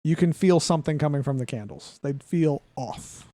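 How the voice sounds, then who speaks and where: A man's voice: fairly high pitch, normal speed, dry recording. A man running a tabletop role-playing game as game master, narrating with frequent laughter. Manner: laughs often, relaxed narration.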